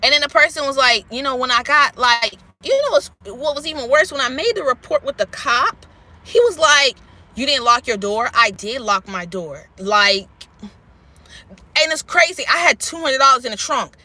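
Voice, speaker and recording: A woman's voice: sits high, animated, moderate pace, sharp tone. A woman vlogger ranting candidly and rambling to camera, swearing freely. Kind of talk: unscripted rant to camera.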